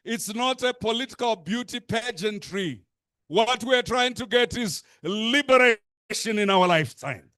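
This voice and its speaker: A man's voice: extremely high pitch, lively intonation, bright, forceful tone, no echo, studio quality. A man giving an impassioned speech to a youth assembly, rhetorical and emphatic, repeating phrases and listing points for effect. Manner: deliberate, emphatic pacing with lists. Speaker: speaker addressing a youth assembly.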